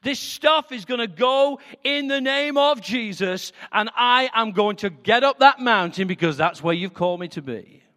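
A man preaching a sermon with passion, moving between hushed, prayerful lines and loud declarations. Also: very high-pitched, lively intonation, normal speed, few pauses, in a large hall.

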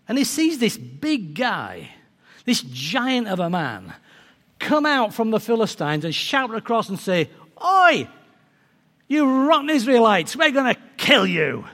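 A preacher with a high, lively voice tells the story with animation. His words ring through a big hall with a long reverb. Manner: animated storytelling, acting out characters. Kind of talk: sermon.

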